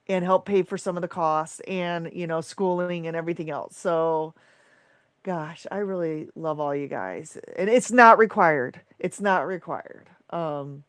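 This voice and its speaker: A woman's voice: fairly low pitch, no echo, clean studio sound. A woman hosting a casual livestream, effusively thanking viewers by name as she reads the chat. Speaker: livestream host.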